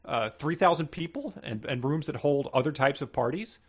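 A man's voice: fairly high pitch, animated, normal speed, slightly rough. A man co-hosting a comedy book-reading podcast, reading quotes aloud and mocking them sarcastically. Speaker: podcast co-host.

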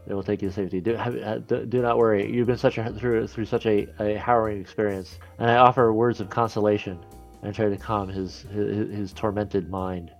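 A man's voice: on the low side, steady tone, a little fast, muffled recording, soft background music. A man playing a tabletop game, speaking in character in an earnest, reassuring way and stammering over his words. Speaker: player.

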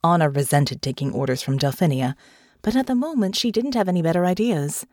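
A woman narrating an audiobook in an expressive, measured storytelling manner. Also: lowish voice, no echo, studio quality. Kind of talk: scripted narration.

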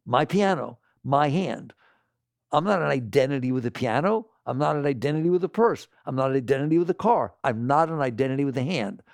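A man teaching spiritual ideas to a live audience, rhetorical and animated, constantly asking the listeners questions. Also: medium pitch, no room sound, studio quality. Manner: animated, slips into mocking quoted voices.

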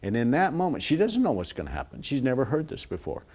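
A man in a TV interview, earnestly telling a story and acting out quoted voices softly. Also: mid-range voice, wildly swooping pitch, quick pace. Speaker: guest, ministry worker.

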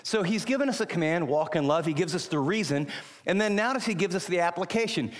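A man preaching a sermon as pastor, emphatic and pausing on key words. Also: sits high, expressive, long reverb tail.

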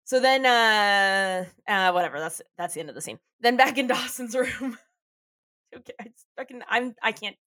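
A woman's voice: medium pitch, expressive, moderate pace, pushed and bright, no echo, clean studio sound. A woman co-hosting a podcast, chatting casually as she recaps a TV episode, laughing often and swearing freely. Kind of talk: casual chat.

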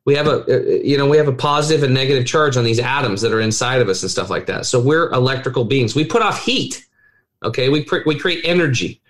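In a casual podcast interview, a middle-aged male health coach tells stories in an animated, persuasive way. He talks fast in a mid-range voice.

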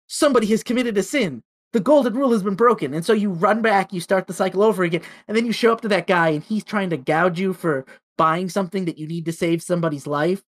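A man co-hosting a podcast in casual chat, retelling a story animatedly and acting out the quotes. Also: high voice. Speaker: podcast co-host.

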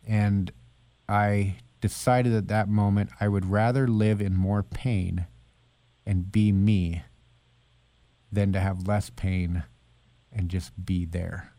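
A man's voice: fairly low pitch, steady tone, slow pace, pauses often, mellow, dry recording. A man, an author and speaker, earnestly telling a personal story in a conversational interview. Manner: earnest storytelling, acting out quoted voices.

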